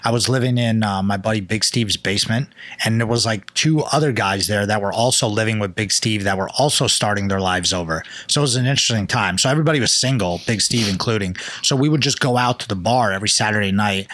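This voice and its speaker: A man's voice: lowish voice, fast, few pauses, a bit bright, no room sound. A man hosting a podcast in casual chat, rambling and acting out quoted characters as he tells stories. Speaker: podcast host.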